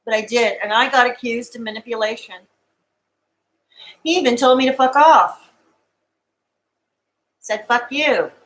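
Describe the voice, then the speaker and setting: A woman with a somewhat high voice speaks on a live stream, tearful and raw. She sounds defensive and hurt as she talks straight to the few viewers in her chat. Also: fairly bright tone, low-quality recording. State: crying.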